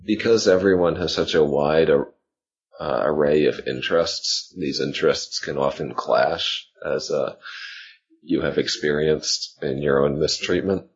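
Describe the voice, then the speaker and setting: Deep voiced guy, slow and polite, kinda formal, muffled mic. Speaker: player. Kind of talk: tabletop game chat. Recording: dull lo-fi mic.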